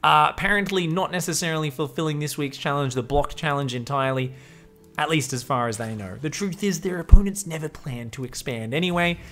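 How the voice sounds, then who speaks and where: A man's voice: fairly high pitch, fairly quick, a bit bright. Profane, sarcastic male game commentator.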